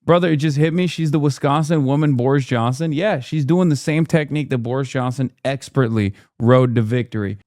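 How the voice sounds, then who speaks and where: A man's voice: mid-range voice, a little fast, hardly any pauses, a little mellow, no room sound, studio quality. A man giving blunt, profane, exasperated commentary on a live-stream reaction show. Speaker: political commentator.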